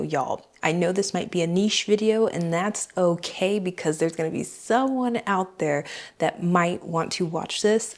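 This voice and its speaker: A young woman from Florida talks through a product review in a loose, chatty vlog style. Her voice sits a little low. She rambles, drops in fillers and little chuckles, and keeps her tone easygoing. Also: a little mellow. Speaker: beauty and fashion vlogger.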